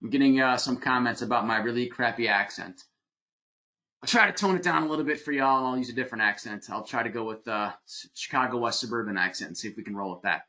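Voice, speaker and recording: At a quick pace, a man lectures in an online webinar about heating and cooling design, his medium-pitched voice bright and forceful. The computer-mic delivery is plainspoken and emphatic, stepping through ideas with some fillers.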